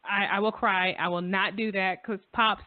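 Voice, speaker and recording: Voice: mid-range voice, steady tone, normal speed, dry recording. A radio talk show host chatting in a casual, effusive way, full of fillers and repeated phrases. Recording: dry phone-line audio.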